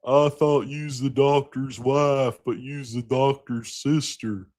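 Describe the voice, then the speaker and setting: A man doing an impression of an earnest, slow-talking rural cowboy with a drawl. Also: medium pitch, fairly even intonation, darkish tone, pitched above the performer's own voice, close to an everyday voice.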